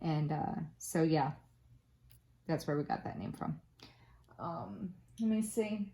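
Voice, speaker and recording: Chatty woman with a low-ish voice. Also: slow, creaky, warm tone. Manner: rambling storyteller with many fillers. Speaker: crafting vlogger. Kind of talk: casual chat.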